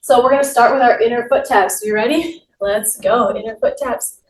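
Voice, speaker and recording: Her voice is on the high side and she talks at a normal speed. She's a fitness instructor running a guided workout, calling out upbeat encouragement while moving, heard via a roomy, distant mic with faint noise.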